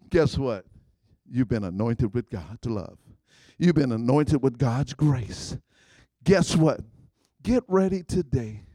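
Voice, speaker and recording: A man preaching a sermon in call-and-response style, repeating phrases and swinging between loud outbursts and hushed lines. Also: medium pitch, expressive, slow pace, no echo. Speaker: guest preacher.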